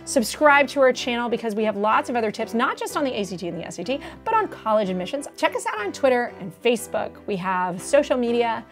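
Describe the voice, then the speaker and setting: Young woman, test prep tutor, playful, bright-pitched, very lively intonation. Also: quick pace, few pauses, faint music behind. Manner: playful, acts out students' inner voices. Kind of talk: animated tutoring lesson.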